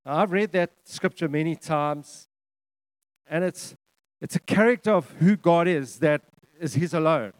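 Middle-aged male pastor, slightly high voice, dry close sound, preaching with emphatic repetition and frequent restarts. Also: measured pace, no echo. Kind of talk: sermon.

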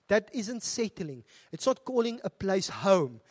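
High-voiced South African male pastor preaching. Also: very animated, unhurried, hardly any pauses. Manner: earnest, conversational preaching with asides to the congregation. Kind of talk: sermon. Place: church.

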